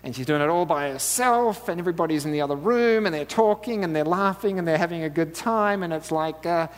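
A man's voice: fairly high pitch, brisk. Chatty man preaching in a reverberant hall. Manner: chatty, asks the audience "right?", laughs often. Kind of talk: conversational sermon.

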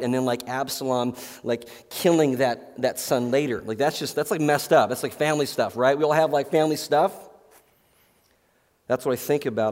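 A man's voice: mid-range voice, long reverb tail. A middle-aged man preaching a sermon as a pastor, telling stories in a loose, rambling way full of fillers. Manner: casual, rambling storytelling with many fillers.

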